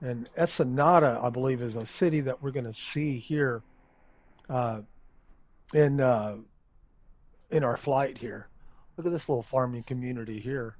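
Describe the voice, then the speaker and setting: A man's voice: medium pitch, normal speed, pauses often, a little mellow, no room sound, highs cut off. A man hosting a flight simulator video, chatting casually and rambling with many ums and uhs as he thinks aloud. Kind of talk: casual gameplay commentary. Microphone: desk microphone.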